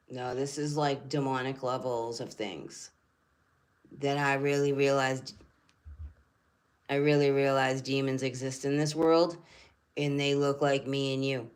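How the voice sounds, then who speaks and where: A woman's voice: a bass voice, a little mellow. An older woman hosting a spiritual channel who talks earnestly in a rambling way and repeats her phrases. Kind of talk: casual livestream talk.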